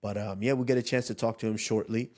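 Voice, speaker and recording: A man in his thirties co-hosting a casual sports talk show, animated and loose, often restarting his sentences and leaning on fillers as he interviews a guest. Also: fairly low pitch, quick pace. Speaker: podcast co-host and interviewer. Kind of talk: casual chat.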